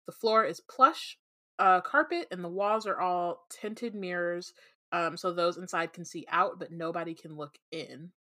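A woman reads a storybook aloud on a casual podcast, filling the pauses with ums and laughing easily. Her voice is bright and forceful, with a somewhat low pitch. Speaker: podcast co-host reading a book aloud. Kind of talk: casual book chat with read-aloud.

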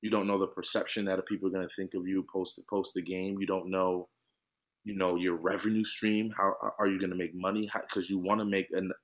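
Thirties male athlete co-host, low voice, animated and emphatic delivery. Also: a little fast. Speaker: podcast co-host, professional football player. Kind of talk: casual chat.

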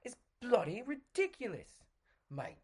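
A man's voice: extremely high pitch, wildly swooping pitch, measured pace, husky, exaggerated voice. A man doing a comedic impression of a boastful British alpha-male influencer who calls everyone bruv. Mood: ranting.

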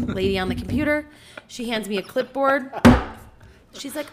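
A woman's voice: on the high side, animated, unhurried, pauses often, very noisy. A woman in her thirties telling a story in a casual, profane chat. She talks with energy and acts out the voices of the people in her story.

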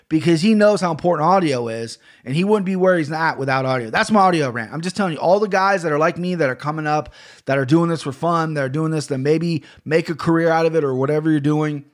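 Profane podcast guy ranting casually into a studio mic, voice on the higher side. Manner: blunt, profane, rambling. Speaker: podcast host. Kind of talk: casual podcast rant and fight recap. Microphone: studio microphone.

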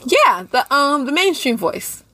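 A woman's voice: sits high, sing-song, unhurried, pushed and bright, dry recording, studio quality. A woman co-hosting a casual podcast, playful and teasing. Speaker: podcast co-host. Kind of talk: casual chat.

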